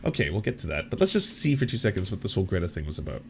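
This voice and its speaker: A man's voice: low voice, big pitch swings, racing, vocal fry, a loud crowd. Sarcastic, rambling male commentary host. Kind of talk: casual commentary reacting to clips.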